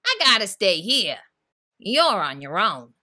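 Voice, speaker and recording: A woman voicing a hulking, grumpy male bedtime monster, growling gruff, bossy orders in a drawn-out, slow delivery. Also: mid-range voice, big pitch swings, pushed and bright, voice pushed down, exaggerated voice. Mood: grumbling.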